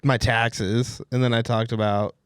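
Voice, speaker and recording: Slow, halting man on a comedy podcast. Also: mid-range voice, flat delivery, clear, resonant tone, no echo, clean studio sound. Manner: hesitant, halting, filler-heavy, breaks into silly voices. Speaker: podcast co-host. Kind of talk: casual comedy chat.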